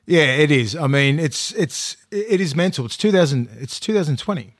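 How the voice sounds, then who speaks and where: A man's voice: a little high, lively intonation, moderate pace, dry recording, studio quality. A man co-hosting a podcast, telling stories in a casual way, swearing, restarting sentences and acting out quotes. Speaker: podcast co-host. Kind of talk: casual storytelling chat.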